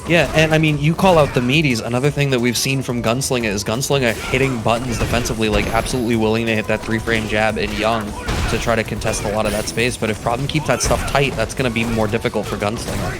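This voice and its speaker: A man with a mild Boston accent giving measured, analytical live commentary on a fighting-game match. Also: mid-range voice, steady tone, music in the background. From Massachusetts, US. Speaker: esports co-commentator.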